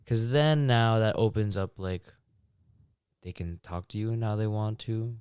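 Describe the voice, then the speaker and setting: A man's voice: fairly low pitch, unhurried, a little mellow, clear, resonant tone, no room sound, clean studio sound. A young man co-hosting a podcast, talking in a thoughtful, laid-back way with many likes. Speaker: podcast co-host. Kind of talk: casual reflective chat.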